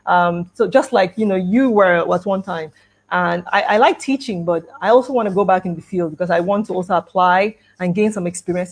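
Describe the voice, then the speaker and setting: A middle-aged woman with a lowish voice talks a little fast at an education conference, sharing a personal story, acting out the dialogue and laughing lightly. The audio comes through a video call microphone.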